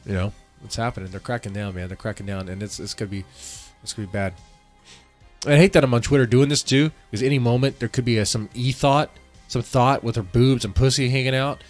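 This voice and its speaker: A man doing a casual live-stream reaction, rambling and circling back over his own words while he chats with viewers. His nose is stuffed up from allergies, and soft music plays faintly behind him. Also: mid-range voice, steady tone, brisk. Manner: rambling, repeats himself, talks to his chat. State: congested from allergies.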